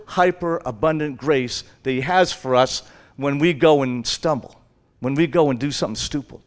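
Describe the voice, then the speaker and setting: A male preacher giving a conversational Bible teaching, informal and rambling, often acting out little dialogues. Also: on the high side.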